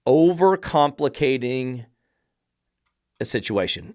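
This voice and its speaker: A man's voice: a little high, lively intonation, unhurried, long pauses, dry recording, studio quality. A middle-aged man, a dog trainer hosting a podcast, giving blunt, sarcastic commentary on advice he reads out, now and then swearing. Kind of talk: commentary reacting to a read-out text.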